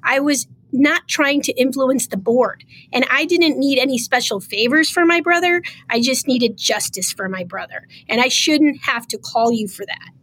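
A woman's voice: high voice, expressive, normal speed, hardly any pauses, a bit bright. A woman guest on a podcast, telling a painful personal story with emotion, close to tears, in an earnest way with many fillers.

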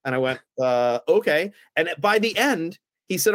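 A man, a guest on a podcast, telling stories in a casual, animated way and acting out the other people's lines. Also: fairly high pitch, normal speed, dry recording, studio quality. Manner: animated anecdotes, acts out the other voices. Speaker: guest, former aldermanic candidate. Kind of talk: casual storytelling.

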